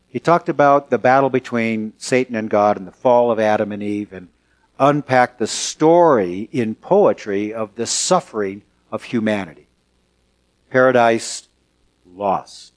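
Male pastor, mid-pitched, emphatic sermon delivery with shifting pace. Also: expressive, unhurried. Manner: earnest, emphatic, varies pace for effect. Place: church sanctuary.

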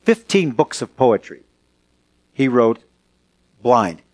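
Male pastor, mid-pitched, emphatic sermon delivery with shifting pace. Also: big pitch swings, takes it slowly. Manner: earnest, emphatic, varies pace for effect. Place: church sanctuary.

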